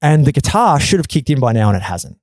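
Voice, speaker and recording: A man telling a long, animated story in a casual podcast chat, often swearing and acting out quotes in a loud, high voice. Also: fast talker, no room sound. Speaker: podcast guest.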